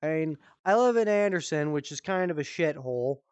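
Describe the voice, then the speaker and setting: Brief: young guy, smooth and clean on a dry headset mic, cussing his way through a bit. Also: fairly high pitch, animated, fairly quick, a little mellow, no echo, highs cut off. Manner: profane, rambling, laughs at his own stories. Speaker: streamer comedian. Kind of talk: casual comedic storytelling.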